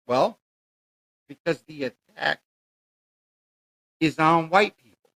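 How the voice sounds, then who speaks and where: Male podcast host ranting solo, slightly high voice, unhurried and emphatic, preachy tone. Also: a bit bright. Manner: preachy and emphatic, keeps addressing listeners as folks; indignant, rhetorical questions. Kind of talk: monologue podcast rant.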